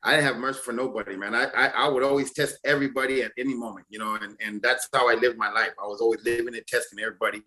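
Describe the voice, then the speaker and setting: A man's voice: mid-range voice, steady tone, very fast, hardly any pauses, pushed and bright. A man in his forties, a former prisoner telling his story in an interview in a profane, rambling way with stammered restarts. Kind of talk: casual storytelling.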